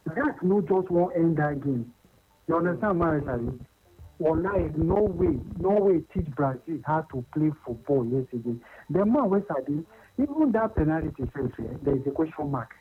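A man's voice: fairly high pitch, expressive, moderate pace, faint music behind. A man with a Nigerian accent calling into a radio sports show, speaking emphatic, repetitive Pidgin. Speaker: caller. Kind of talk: passionate Pidgin call-in. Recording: phone line.

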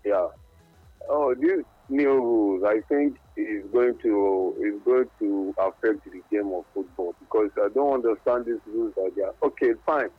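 A man's voice: fairly low pitch, moderate pace, breathy edge, no echo, phone-quality sound, faint music behind. A man calling in to a sports radio show, hesitant and searching for his words. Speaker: caller.

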